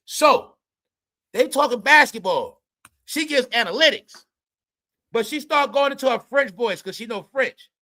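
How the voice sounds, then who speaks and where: A man's voice: extremely high pitch, expressive, unhurried, pauses often, sharp tone. A man hosting an entertainment commentary show, ranting emphatically and profanely straight to his viewers. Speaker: commentary channel host.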